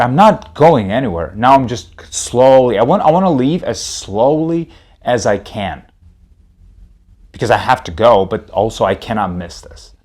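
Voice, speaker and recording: Rambling comedic storyteller, a man with a very expressive, up-and-down delivery. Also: medium pitch, moderate pace. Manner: rambling, animated, repeats himself. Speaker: comedy podcast host.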